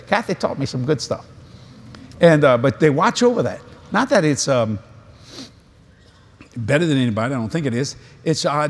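A man's voice: on the high side, very animated, moderate pace. A male preacher delivering a convention sermon, telling stories animatedly with laughs and asides.

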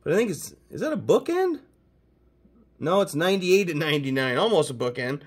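A Canadian card collector hosts a mail-day video, chatting casually with plenty of swearing and excited hype. His voice is a little higher than most men's, slightly rough, and he talks a little fast.

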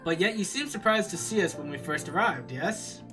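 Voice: mid-range voice, expressive, moderate pace, close to an everyday voice. A streamer voicing Weiss, a haughty male talking magic book, with formal, commanding speech over faint guitar music. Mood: lofty. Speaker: streamer reading a visual novel.

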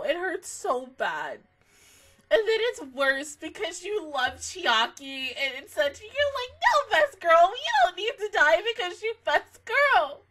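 A woman giving a casual anime reaction review, excitable and swearing, swinging between laughter and mock crying. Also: high-pitched.

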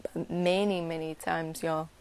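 Creaky-voiced woman chatting about healing. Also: deep voice, flat delivery, unhurried, darkish tone. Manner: rambling, full of "you know" and "like". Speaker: Reiki practitioner hosting a live stream. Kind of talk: casual spiritual chat to viewers.

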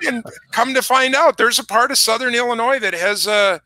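A man's voice: extremely high pitch, moderate pace, hardly any pauses, pushed and bright, no room sound. A man hosting a casual online concert pre-show, chatting and telling rambling stories. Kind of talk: casual chat. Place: music shop.

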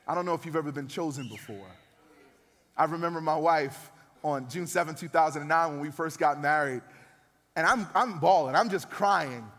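Man, pastor, high voice, emphatic sermon, long echo of a church hall. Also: normal speed. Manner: emphatic, builds to loud peaks.

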